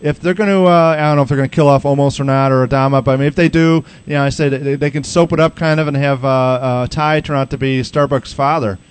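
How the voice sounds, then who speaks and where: Fast, smooth-voiced rambling male host. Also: mid-range voice, steady tone. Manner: rambling, many restarts and fillers. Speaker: podcast host. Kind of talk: casual chat.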